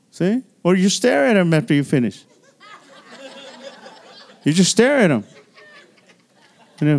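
High-voiced older man preaching. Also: moderate pace, long pauses. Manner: animated preaching with asides and laughter. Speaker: pastor. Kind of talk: sermon. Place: church.

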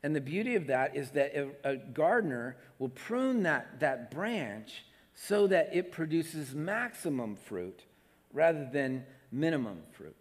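A man preaching a sermon in a fairly high voice, moving between animated emphasis and soft, hushed passages. His words ring out with a long reverb, as in a large hall. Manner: animated preaching, acts out Jesus's delighted voice, drops to soft hushed tones. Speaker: pastor.

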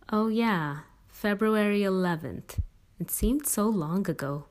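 A woman reading a first-person story aloud in a steady, plain narrating voice. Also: mid-range voice, slow. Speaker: audiobook reader.

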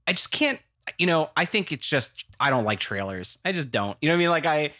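An American man chatting casually about movies as a podcast co-host, animated and rambling, often restarting his sentences. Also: on the high side, a little fast. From United States.

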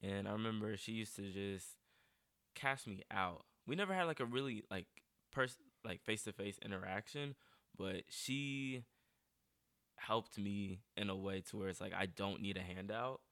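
A man's voice: lowish voice, moderate pace, a bit bright, no room sound. Young guy talking earnestly, kinda emotional, says like a lot, dry close sound. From North Carolina. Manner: earnest, emotional, heavy use of "like". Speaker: guest artist. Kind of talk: casual interview chat.

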